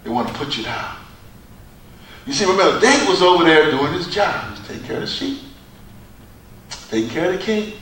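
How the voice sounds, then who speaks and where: A man preaching a sermon in a church, with a preacher's cadence, dramatic pauses and repeated phrases. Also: sits high, very animated, fairly bright tone. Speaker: pastor. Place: church sanctuary. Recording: echoey church from far off.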